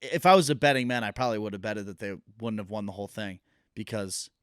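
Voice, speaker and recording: A man's voice: fairly low pitch, fast talker, clean tone, dry recording, clean studio sound. A young man co-hosting a casual podcast chat, laid-back and full of fillers. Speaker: podcast co-host.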